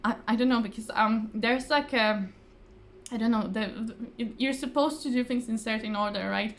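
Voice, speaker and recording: A woman's voice: a little high, normal speed. A woman chatting casually to camera about her craft projects, rambling with fillers and restarts and laughing often, her voice a little tired. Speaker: craft vlogger. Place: home, at a table. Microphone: phone or camera on the table.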